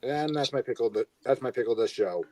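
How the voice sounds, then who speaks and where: A man's voice: medium pitch, fast, warm tone, no echo. A man co-hosting a podcast in casual chat, hesitant, with fillers and restarts. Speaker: podcast co-host.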